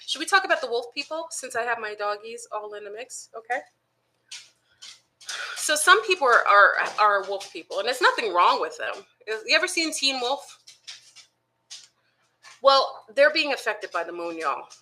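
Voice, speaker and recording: High bright woman ranting to viewers. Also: normal speed, long pauses, slight background noise. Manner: rhetorical questions, animated, addresses viewers as y'all. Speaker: online commentator. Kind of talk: unscripted monologue to viewers. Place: home with dogs nearby.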